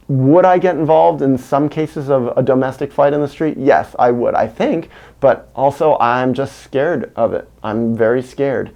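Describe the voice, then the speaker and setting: Gravelly-voiced man musing candidly. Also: mid-range voice, darkish tone, muffled recording. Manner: candid, earnest, searching for words. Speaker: vlogger. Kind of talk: reflective personal monologue.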